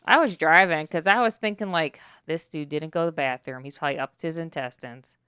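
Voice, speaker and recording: A woman co-hosting a podcast, telling a story calmly and matter-of-factly in casual chat. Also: low voice, a little fast, clean tone, no echo, clean studio sound. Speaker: podcast co-host.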